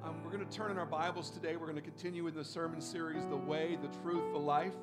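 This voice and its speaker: A male pastor preaching a sermon, reading scripture and building to emphatic, loud peaks. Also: on the high side, flat delivery, fast, over loud music.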